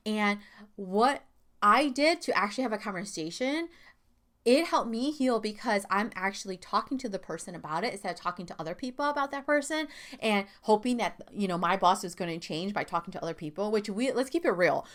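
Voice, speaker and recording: A woman's voice: medium pitch, lively intonation, brisk, fairly bright tone. A woman hosting a self-help podcast, talking candidly and casually with lots of fillers and asides. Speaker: podcast host.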